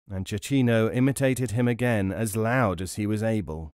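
A man reading folk tales aloud in a measured, even storytelling manner. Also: on the low side, no echo, studio quality. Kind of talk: audiobook storytelling.

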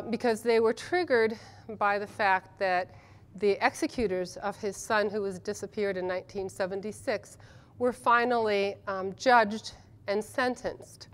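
A woman's voice: mid-range voice, clean tone. A woman who translates literature, speaking at a conference panel in a chatty, enthusiastic way with many ums and restarts. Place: conference session room.

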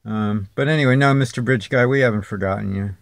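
A man's voice: lowish voice, quick pace, vocal fry, no room sound. A man vlogging at home, talking in a sarcastic, rambling way straight at an unseen viewer. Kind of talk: casual monologue to camera. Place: home, near a street.

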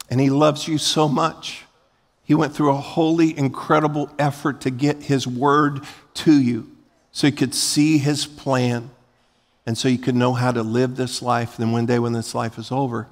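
A man preaching a sermon as pastor, moving from calm teaching to loud, fervent preaching. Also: medium pitch, long reverb tail. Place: church sanctuary.

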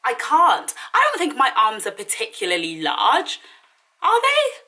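Speaking a little slowly, a young woman in her twenties uses a high, bright, forceful voice with huge pitch swings. She's a vlogger trying on clothes at home, chatting casually in a dramatic, exasperated, self-deprecating way, captured by a distant mic in an echoey room.

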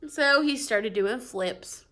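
A woman's voice: a little high, takes it slowly, bright, forceful tone. A young adult woman teacher reading a storybook aloud to her class, playful and full of asides.

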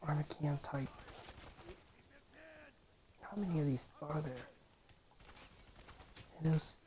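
A woman narrating her own gameplay in an unhurried, drawn-out way, her voice sitting on the low side. She reacts out loud to each moment, with exclamations and self-mocking grumbles as the fight goes on. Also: slight background noise. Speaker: gameplay commentator. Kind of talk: let's play commentary.

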